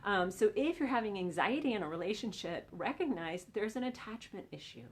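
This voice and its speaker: A woman's voice: medium pitch, lively intonation, a little fast. A woman relationship coach giving an earnest teaching talk, explaining and asking her audience questions.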